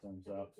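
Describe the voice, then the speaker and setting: A man's voice: mellow, low-quality recording. A man from Tennessee doing a rambling stand-up comedy set in a comedy club, with crowd work and lots of fillers.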